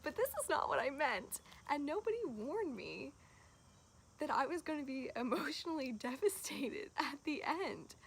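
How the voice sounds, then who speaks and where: A woman reviewing a book to camera in a chatty, gushing way, full of "like"s and quick laughs. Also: sits high, animated, a little hiss or hum. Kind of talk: casual chat to camera.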